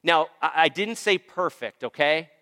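Emphatic high-voiced male pastor preaching. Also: animated, normal speed, pushed and bright, long reverb tail. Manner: emphatic, repeats phrases, calls for amens. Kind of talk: sermon.

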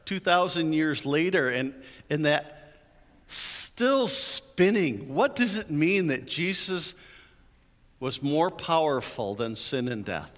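Pastor, male, slightly raised voice, lively storytelling sermon, echo of a big church. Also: on the high side, takes it slowly. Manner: animated storytelling with playful asides. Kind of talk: Easter sermon. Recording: hall reverb.

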